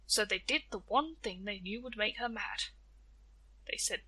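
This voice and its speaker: Woman storyteller, bright tone, expressive storybook delivery. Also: mid-range voice, normal speed, husky, rough recording. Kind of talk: storybook narration.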